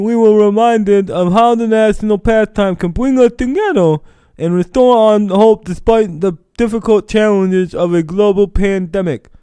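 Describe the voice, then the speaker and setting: A man putting on a pompous, self-important league commissioner, pitched far above his own voice and drawn out slow and solemn. The sound is smooth and dry, close to the mic. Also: dark tone, no echo, close to an everyday voice. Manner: mocking, slow and formal.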